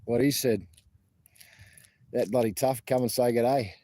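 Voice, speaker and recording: An Australian man hosts a loose, rambling livestream from outdoors. His talk is chatty and profane, full of asides and laughter, at an ordinary mid pitch. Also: measured pace, mellow, no echo. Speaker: protest livestream host. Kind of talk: casual rambling livestream chat. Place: outdoors at a protest site.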